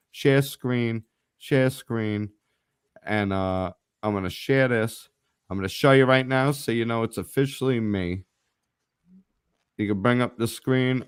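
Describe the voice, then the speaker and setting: A man's voice: medium pitch, smooth, no echo, studio quality. Brash, profane man ranting on a live stream. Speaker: guest co-host of a live online show. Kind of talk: casual live-stream chat.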